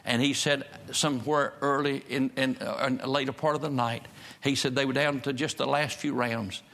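A man's voice: medium pitch, fairly even intonation, normal speed, vocal fry, fairly bright tone. A man preaching a sermon in a church service, emphatic and repeating his key phrases. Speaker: pastor.

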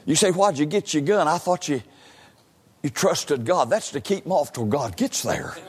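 A man's voice: fairly high pitch, lively intonation, moderate pace. An older man preaching a sermon in a church, telling his testimony with emphatic repetitions and stammered restarts. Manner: emphatic, repeats "listen" and stammers into phrases. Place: church sanctuary. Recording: long hall reverb.

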